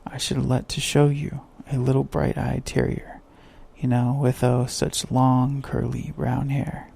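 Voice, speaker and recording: Man doing polite eager young girl Alice, gentle soothing storybook voice, gravelly, dark, husky. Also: mid-range voice, little pitch movement, a little slow, full character voice.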